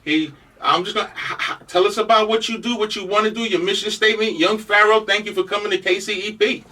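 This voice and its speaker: This older radio host, speaking with a New York Jamaican accent, talks quickly in a high, bright voice with fairly even intonation. Though he has a cold, he rambles on in a loose, joking way from his studio, sitting far from the microphone.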